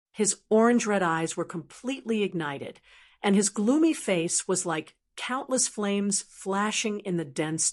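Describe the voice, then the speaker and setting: A woman reading a fantasy novel aloud as an audiobook narrator, in a steady, even storytelling voice. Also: mid-range voice.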